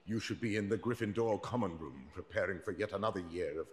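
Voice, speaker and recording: An actor playing a cold, sneering male professor in a video game, speaking in a slow, contemptuous drawl. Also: deep voice, breathy edge. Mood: scornful.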